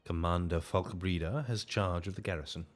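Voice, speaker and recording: A man voicing a stern woman admiral in a British accent, speaking in a formal, measured way. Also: low voice, soft background music, lightly acted. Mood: commanding.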